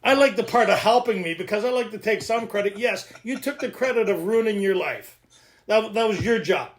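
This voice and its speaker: Man, high voice, workshop leader, joking, excitable, laughing. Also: brisk. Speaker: recovery workshop speaker. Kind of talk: animated teaching talk.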